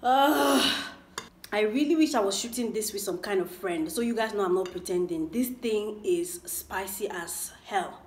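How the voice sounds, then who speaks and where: A woman's voice: mid-range voice, normal speed, few pauses, darkish tone, reverberant, a little hiss or hum. A woman in her twenties telling a rambling, chatty story while eating on a casual mukbang vlog. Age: 20s. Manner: rambling, chatty, full of fillers. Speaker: vlogger.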